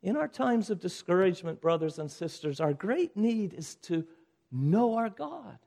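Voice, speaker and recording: A man preaching from the pulpit, his voice sitting high for a man. He pleads and urges, climbing to loud calls and then sinking to near-hushed phrases. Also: sing-song, normal speed, vocal fry. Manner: urgent preaching, swinging from loud exhortation to hushed lines. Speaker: pastor. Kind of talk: sermon.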